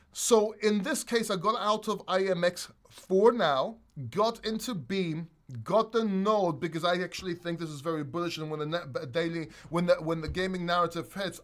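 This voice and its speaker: Male livestream host, high voice, casual and profane, laughs easily. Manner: laughs a lot, swears freely, animated.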